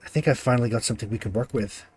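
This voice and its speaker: A man voicing a brisk, clinical woman scholar who studies souls. She speaks in a haughty way. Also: medium pitch, fairly even intonation, darkish tone, slightly rough, lightly acted.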